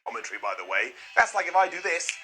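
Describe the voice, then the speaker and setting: A man hosts a sarcastic, excitable wrestling recap. His voice sits high and very bright, and his pitch swings widely from line to line. Faint music plays behind him. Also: poor audio. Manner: excitable, sarcastic, with quick put-on asides. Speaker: wrestling show reviewer, host. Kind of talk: comedic recap commentary.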